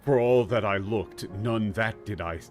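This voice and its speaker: A man voicing a weary ancient male villain, reciting slowly and gravely in a low, dramatic voice. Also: faint music behind, natural voice. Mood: grim, contemptuous.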